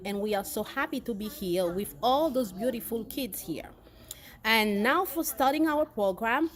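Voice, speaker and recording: A woman's voice: on the high side, fairly bright tone. A woman with a French accent hosting a church children's program, greeting the kids and leading them in song. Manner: cheerful, addresses children directly.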